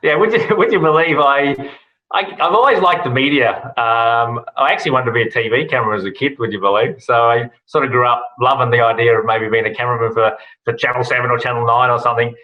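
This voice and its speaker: Speaking fast in a mid-range voice over lo-fi audio, an Australian man who hosts rally broadcasts appears as a guest on a relaxed podcast interview. He talks casually and rambles, full of fillers and restarts.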